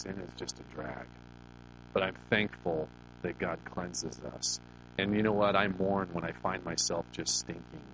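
An unhurried, low-pitched man preaches against a noisy background. This middle-aged pastor gives his sermon through folksy personal stories in a conversational tone, often questioning the congregation.

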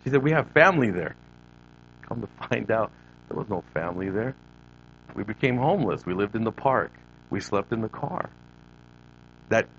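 A middle-aged man with a very low voice tells the story of his own childhood to a live audience. He speaks to them directly and acts out what he said as a boy. The sound is dull and lo-fi, with a faint hum underneath. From Northern California. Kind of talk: personal testimony to an audience.

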